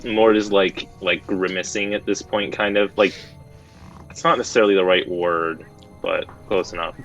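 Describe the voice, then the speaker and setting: A man's voice: deep voice, steady tone, normal speed, fairly bright tone, soft background music, rough recording. A man playing a tabletop game, chatting casually and hesitantly as he searches for words. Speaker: player.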